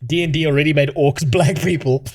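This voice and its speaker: A man's voice: a little high, steady tone, brisk, a little mellow. A male streamer ranting casually in a mocking tone, laughing often and rambling. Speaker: streamer host. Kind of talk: casual rant.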